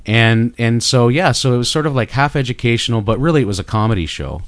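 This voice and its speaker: A man's voice: mid-range voice, animated, fast, no room sound. A middle-aged Canadian man with a Canadian accent, chatting as an interview guest, rambling and enthusiastic with many fillers and restarts. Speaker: guest artist. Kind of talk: casual interview chat.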